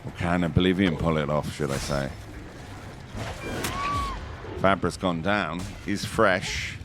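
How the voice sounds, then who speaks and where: Man, fairly low voice, live match commentator, jokey, excitable outbursts. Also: normal speed, hardly any pauses, a little hiss or hum. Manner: chatty, jokey, bursts into excited high exclamations. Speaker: esports commentator.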